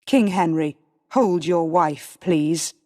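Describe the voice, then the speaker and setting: An angry lord with a knife issues slow, cold commands, as a woman reader puts him on. The voice sits low and deliberate. A long reverb hangs over the storybook telling. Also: a little mellow. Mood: threatening. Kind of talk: storybook reading.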